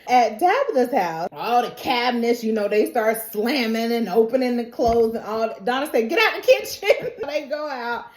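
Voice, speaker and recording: A woman recapping a TV episode in a lively, casual, very reactive way. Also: fairly high pitch, normal speed, few pauses. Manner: lively, colloquial, reacts loudly. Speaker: TV recap YouTuber. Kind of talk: animated show recap. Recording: roomy echo.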